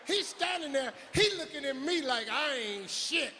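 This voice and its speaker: A middle-aged man doing stand-up comedy on a live stage, telling stories in a loud, profane way and often shouting. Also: extremely high pitch, lively intonation, moderate pace, a little hiss or hum.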